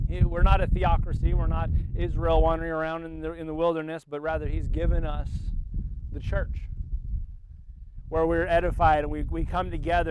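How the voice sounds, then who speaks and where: A man preaching an impassioned sermon at a family camp, often repeating words as he builds up. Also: a little high. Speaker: pastor. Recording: tinny phone-like sound with loud noise.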